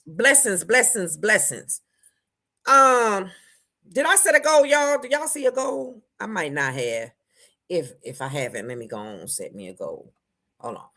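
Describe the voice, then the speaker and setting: A woman hosts a casual livestream and greets her viewers one by one. Her voice sits at an ordinary middle pitch. She swings between loud, bright bursts and low, muttered asides. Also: lively intonation, normal speed. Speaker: livestream host.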